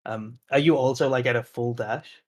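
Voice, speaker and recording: Male game master, flat even delivery, filler-heavy descriptive narration. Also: mid-range voice, normal speed. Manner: descriptive, hesitant, with frequent fillers.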